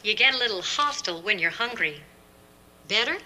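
A woman playing a soothing sitcom mother in a commercial, speaking gently and coaxingly. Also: medium pitch, lively intonation, brisk. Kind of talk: sitcom parody commercial acting.

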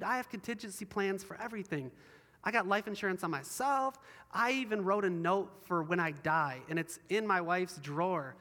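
A man's voice: high-pitched, pushed and bright. A man preaching a conversational sermon in a church, often checking in with the congregation for agreement. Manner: chatty, asks the room for assent. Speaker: pastor. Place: church hall. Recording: long hall reverb.

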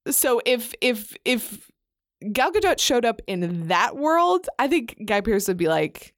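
A woman co-hosting a podcast, chatty and animated, quick to joke. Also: on the high side, dry recording, studio quality. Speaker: podcast co-host. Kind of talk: casual chat.

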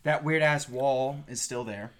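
A man's voice: mid-range voice, a little slow, fairly bright tone, faint music behind. A man running a tabletop game as game master, swearing and joking with his players. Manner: profane, laughing banter.

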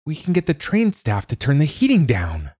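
A man voicing a determined young girl in a storybook reading, raising his voice high and pleading. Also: huge pitch swings, normal speed, warm tone, husky, no room sound, clean studio sound, full character voice. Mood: earnest. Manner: pleading, insistent.

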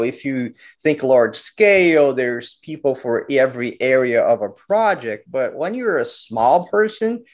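A middle-aged man tells his story as a guest, animated and lively in pitch. He stumbles and restarts often as he goes. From Brazil. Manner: animated, acts out quotes, many restarts. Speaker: guest filmmaker. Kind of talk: storytelling interview talk.

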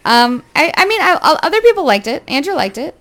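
An American woman in relaxed podcast banter, answering with dry, teasing quips. She laughs easily and keeps the chat on track. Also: sits high, fast. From United States. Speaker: podcast co-host. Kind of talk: casual chat.

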